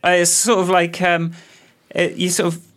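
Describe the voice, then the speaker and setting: A man's voice: high-pitched, completely flat delivery, moderate pace, a bit bright. A man co-hosting a podcast in casual, rambling chat, with many restarts and fillers. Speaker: podcast co-host. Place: office building with workers nearby.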